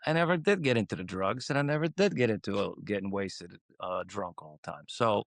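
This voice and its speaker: A man from Croatia, a guest in a casual interview who tells rambling stories with lively swings in his voice. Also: brisk, vocal fry, dry recording. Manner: animated, rambling, acts out quotes with swings in pitch. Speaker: guest singer.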